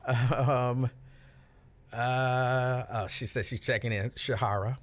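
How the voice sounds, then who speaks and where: A man's voice: medium pitch, steady tone, extremely slow. A man hosting a casual afternoon live stream, greeting viewers by name, reading out their comments and joking about himself. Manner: playful, joking self-mockery. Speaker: host.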